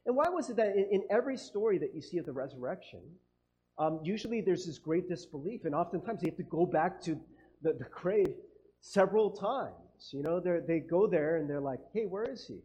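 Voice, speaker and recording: A man's voice: high voice, lively intonation, brisk, mellow. A man preaching a conversational sermon as a pastor, chatty and casual, acting out quoted voices and laughing often. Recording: dull lo-fi sound.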